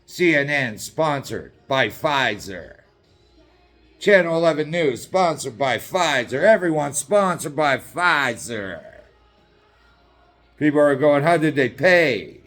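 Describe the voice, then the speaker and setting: A man's voice: on the high side, expressive, slow pace, fairly bright tone, faint music behind. Angry, profane man ranting. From Canada. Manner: profane, combative, sarcastic. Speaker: political activist. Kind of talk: angry political rant.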